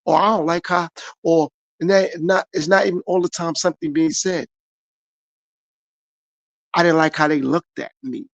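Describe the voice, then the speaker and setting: Gravelly man preaching self-control. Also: fairly high pitch, steady tone, moderate pace, pauses often, no echo. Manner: earnest, repetitive, preaching from his own life. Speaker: podcast host. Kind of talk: motivational monologue.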